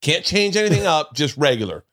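Guy on a podcast, super animated storyteller, dry close mic. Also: a little fast, no room sound. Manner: animated, acts out quotes with big pitch jumps. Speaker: podcast host. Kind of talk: casual storytelling chat.

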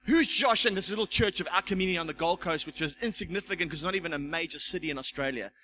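A man preaching a sermon as pastor, animated, stumbling over repeated words and acting out the voices he quotes. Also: high voice, racing, a little hiss or hum, poor audio. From South Africa.

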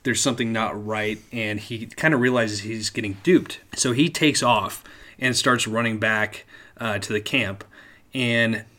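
A man's voice: fairly low pitch, steady tone, unhurried, pushed and bright. A man co-hosting a podcast, telling a history story in a casual, rambling way, with many restarts. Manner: rambling with frequent restarts and laughs. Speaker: podcast co-host.

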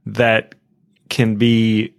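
A man's voice: lowish voice, completely flat delivery, extremely slow, gravelly. A man co-hosting a podcast in casual chat, dry and teasing. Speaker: podcast co-host.

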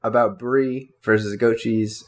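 A man co-hosting a casual podcast, easygoing and agreeable, calmly weighing his points. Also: mid-range voice, measured pace. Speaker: podcast co-host. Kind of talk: casual chat.

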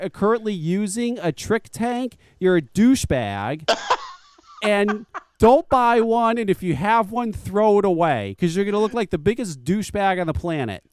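A man's voice: high voice, expressive, unhurried, clear, resonant tone, dry recording. A man hosting a podcast, talking in casual, profane and scornful rants that often break into laughter. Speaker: podcast host. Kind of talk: casual ranting chat.

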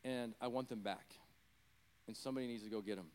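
A middle-aged man preaching in a loose, conversational way, his pitch sitting at an ordinary male middle. He drifts off track, apologizes for his own tangents and jokes at his own expense as he tells a story. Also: steady tone, moderate pace, smooth. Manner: rambling, self-deprecating, apologetic asides. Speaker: preacher, former full-time pastor. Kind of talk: conversational sermon with personal story.

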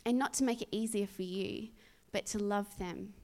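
A woman's voice: medium pitch, fairly even intonation, moderate pace, mellow. A young woman preaching a sermon, earnest and conversational, telling a personal story with many restarts and sudden bursts of energy. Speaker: speaker at a church.

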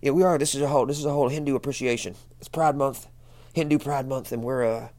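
A man's voice: mid-range voice, fairly even intonation, fast, a little mellow. A man co-hosting a comedic podcast, rambling through jokes with lots of fillers and restarts. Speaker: podcast co-host.

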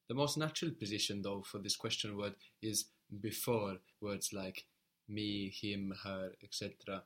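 A man calmly explaining grammar points in a language lesson. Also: lowish voice, normal speed. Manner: calm, explanatory. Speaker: language teacher.

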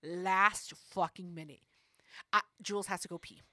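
A young woman co-hosting a podcast, telling stories loudly and brashly, with plenty of swearing. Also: lowish voice, steady tone, moderate pace, dry recording, clean studio sound. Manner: loud, brash storytelling with heavy swearing. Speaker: podcast co-host. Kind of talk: casual chat.

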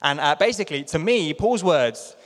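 A man's voice: a little high, animated, normal speed, big-room sound. A man from London with a British accent preaching a sermon in a chatty, self-deprecating way. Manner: chatty, self-deprecating, puts on playful voices for quotes. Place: church hall.

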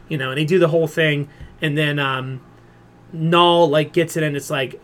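Animated man recapping a comic, fast "like"s. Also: on the high side. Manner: animated retelling with quoted voices, filler "like". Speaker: podcast co-host. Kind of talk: casual chat.

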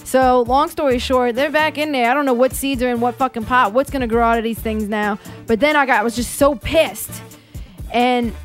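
A woman co-hosting a loose talk show, her voice pitched a little high as she spins a profane, animated story. Faint music runs underneath. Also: normal speed. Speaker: podcast co-host. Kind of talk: casual storytelling chat.

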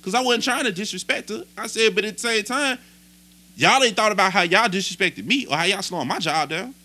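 A young man co-hosting a podcast, telling a story in casual, animated, profane chat. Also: sits high, brisk. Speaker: podcast co-host.

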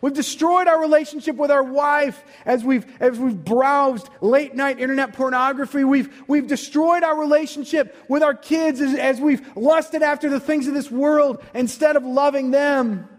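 A man with a strikingly high voice preaches a fervent sermon, repeating his points and climbing to shouts. His words ring out with a long reverb through a large church hall. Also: fairly even intonation, moderate pace, hardly any pauses. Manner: passionate, repetitive, often rising to shouts. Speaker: pastor. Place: church sanctuary.

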